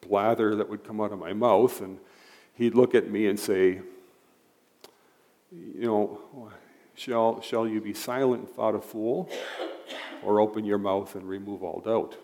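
A man preaches a sermon conversationally, retelling Bible stories and frequently turning to listeners with asides like "right?" and "you know." His voice is mid-range and a little mellow.

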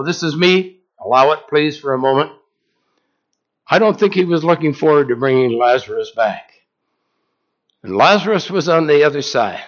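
Male preacher with a fairly high voice, plain conversational sermon delivery that questions the congregation, muffled lo-fi recording. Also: a bit bright.

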